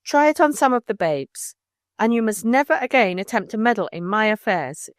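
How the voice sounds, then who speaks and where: A woman's voice: medium pitch, big pitch swings, normal speed, no echo, clean studio sound, lightly acted. A woman reading aloud as a proud, resentful schoolgirl who speaks coldly and cuttingly. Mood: angry. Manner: cold and cutting. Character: proud, resentful schoolgirl, sharp-tongued and defiant.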